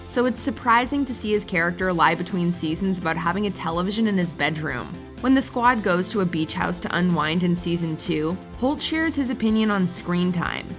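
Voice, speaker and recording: A woman's voice: fairly low pitch, lively intonation, a little fast, hardly any pauses, faint music behind. A woman narrating a countdown video in a scripted, upbeat and wry voice-over.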